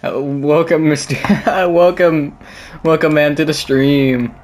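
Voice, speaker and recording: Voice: mid-range voice, fairly even intonation, takes it slowly, darkish tone. A streamer playing a horror game live, reacting with jokes and sudden exclamations while chatting with viewers. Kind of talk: live gameplay commentary.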